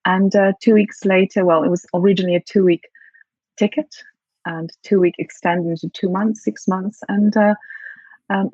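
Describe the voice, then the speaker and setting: A Polish-born woman with a British accent, a guest speaking warmly and reflectively in an interview, often restarting her phrases. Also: mid-range voice, dry recording. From Poland. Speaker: guest, CEO and leadership coach. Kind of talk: casual interview chat. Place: at home. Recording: dull, dry video call audio.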